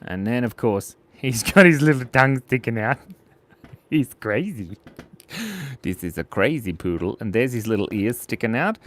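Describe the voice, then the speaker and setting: A playful Australian man hosts a kids' drawing stream, chatting and joking with viewers as he sketches. His voice swoops up and down constantly. He sits at a medium pitch for a man. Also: expressive, unhurried, fairly bright tone. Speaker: art stream host. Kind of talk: live drawing stream for kids.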